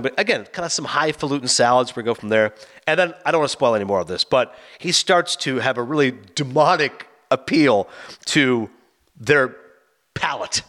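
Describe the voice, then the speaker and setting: Fast-talking chatty man. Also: mid-range voice, lively intonation, a bit bright. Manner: fast, chatty, acts out quotes. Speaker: podcast co-host reviewing movies. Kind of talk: casual chat, movie review.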